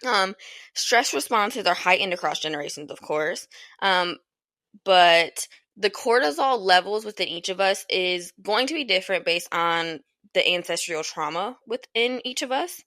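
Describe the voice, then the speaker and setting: A woman's voice: mid-range voice, animated, normal speed, pushed and bright, no echo. A young woman hosting a podcast, giving casual advice in a blunt, emphatic way, swearing freely and repeating lines for emphasis. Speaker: podcast host.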